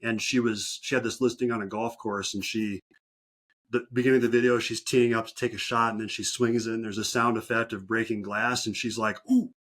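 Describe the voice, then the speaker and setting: A male podcast host chats with his guest at an easy pace. He tells anecdotes in a relaxed, conversational way. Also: medium pitch, a little fast. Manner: relaxed storyteller, chatty. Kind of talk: casual interview chat.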